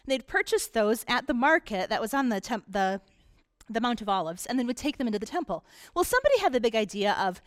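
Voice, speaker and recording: A woman pastor delivering a conversational sermon, slowing into emphatic pauses on key points. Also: fairly high pitch, big pitch swings, dry recording. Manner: conversational preaching with dramatic pauses.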